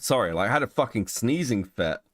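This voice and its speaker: Animated, swearing young man. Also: medium pitch, fairly quick, no room sound, clean studio sound. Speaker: streamer co-host. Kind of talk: casual livestream chat.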